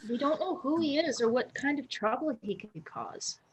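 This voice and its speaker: A woman's voice: sits high, lively intonation, moderate pace, low-quality recording. A woman playing a tabletop game, answering in character in a matter-of-fact way. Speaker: player. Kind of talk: tabletop role-play, in character.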